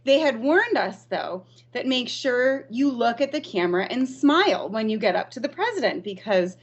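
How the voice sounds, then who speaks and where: A woman from Arizona, a teacher, telling stories in a podcast interview, lively and often laughing. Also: a little high, moderate pace, dull audio. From Arizona, USA. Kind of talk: storytelling in an interview.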